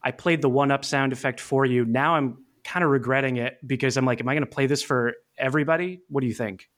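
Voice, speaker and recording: A man's voice: medium pitch, fast, fairly bright tone. A man hosting a fan podcast, upbeat and jokey as he introduces the show and guests. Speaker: podcast host. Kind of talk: casual podcast chat.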